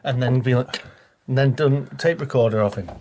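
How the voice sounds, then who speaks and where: A man's voice: mid-range voice, moderate pace, warm tone, slight background noise. A man co-hosting a podcast in casual chat, joking and laughing easily. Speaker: podcast co-host.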